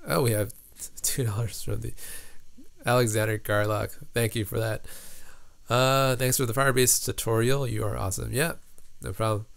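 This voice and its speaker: An app developer hosts a casual livestream, reading viewer comments and thinking aloud with lots of filler words. His mid-range voice has vocal fry and a steady tone at normal speed, recorded dry.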